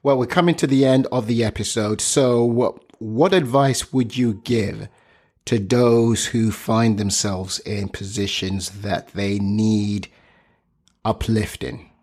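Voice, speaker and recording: A man's voice: fairly low pitch, steady tone, takes it slowly, a little mellow. A man from Nigeria hosting a podcast, talking in an emphatic, good-humored way in a casual interview. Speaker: podcast host.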